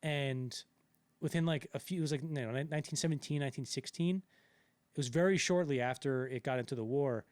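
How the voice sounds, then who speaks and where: A man in casual podcast chat, rambling through his points with plenty of "like" and "you know" and frequent restarts. His voice sits at an ordinary middle pitch, recorded close and dry with no room sound. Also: fairly quick, a little mellow, no room sound. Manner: rambling, many fillers and restarts, acts out quotes. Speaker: podcast co-host. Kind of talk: casual film discussion.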